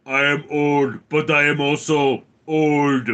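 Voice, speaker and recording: A man doing a loud, stiff impression of a robotic movie cyborg with a heavy mock accent, on a live stream. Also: a little high, flat delivery, takes it slowly, smooth. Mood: booming.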